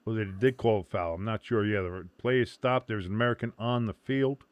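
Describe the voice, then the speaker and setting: A man's voice: fairly low pitch, brisk, no room sound. Profane, joking man calling a game. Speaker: watch-along host. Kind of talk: casual live game commentary.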